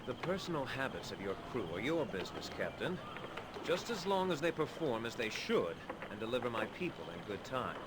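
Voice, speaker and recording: A man's voice: medium pitch, sing-song, brisk, noisy background, lightly acted. A man playing a curt, commanding nobleman. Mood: cold. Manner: curt, formal, businesslike. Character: cool, commanding male nobleman arranging passage.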